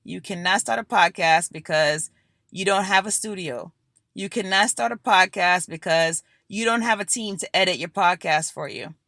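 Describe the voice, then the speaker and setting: Woman doing a condescending old schemer who whispers discouragement; bright tone, close and dry. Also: fairly low pitch, moderate pace, dry recording. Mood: discouraging. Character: scheming old male chancellor whispering doubts.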